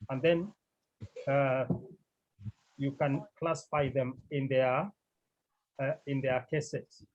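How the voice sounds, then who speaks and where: A man teaching a Greek class, speaking slowly and deliberately, repeating key words and often clearing his throat. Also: mid-range voice, steady tone. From Cameroon. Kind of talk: classroom lecture. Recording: dull lo-fi recording.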